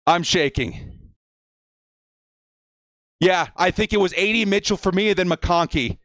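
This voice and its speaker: A man hosting a live-stream watch party, over-excited, shouting and repeating himself, breathless and shaking with excitement. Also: high voice, a little fast, no echo, clean studio sound.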